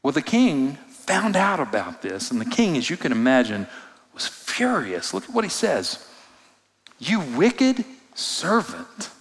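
A man preaching a sermon as pastor, expressive, moving between loud emphasis and hushed, low passages. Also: moderate pace. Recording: long reverb of a large hall.

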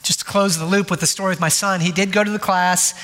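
A high-pitched man in his forties delivers a sermon as a story, poking fun at himself along the way. His voice has a bright, forceful edge. A long hall reverb trails behind each phrase. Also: steady tone, fast. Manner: storytelling, self-mocking humor. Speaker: pastor.

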